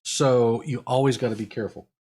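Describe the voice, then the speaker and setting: Energetic Pittsburgh man explaining fast. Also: mid-range voice, breathy edge. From Pittsburgh, USA. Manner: energetic, fast bursts with fillers. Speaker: electrical engineering educator. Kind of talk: live technical Q&A talk.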